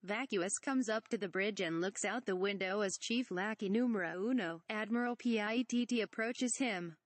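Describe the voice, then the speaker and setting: A woman's voice: mid-range voice, moderate pace, no echo. A woman reading a parody script aloud, stage directions and all, saying "asterisk" for the bleeped words. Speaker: reader.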